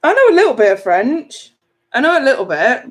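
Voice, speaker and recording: A woman's voice: high voice, big pitch swings, a little fast. A woman, a tarot reader chatting on a live stream, reading out viewer comments in a chatty, giggly way with casual swearing.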